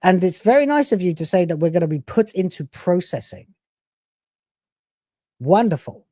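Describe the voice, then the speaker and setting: A woman's voice: lowish voice, very animated, moderate pace, dark tone, no echo, studio quality. A woman hosting a reaction channel, giving sarcastic, profane, mocking commentary over clips.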